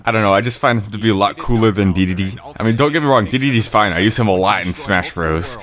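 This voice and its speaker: A man giving rambling casual commentary on his own video, clearing his throat with a cold. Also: lowish voice, quick pace, a bit bright. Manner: rambling, frequent fillers and restarts. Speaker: creator giving episode commentary.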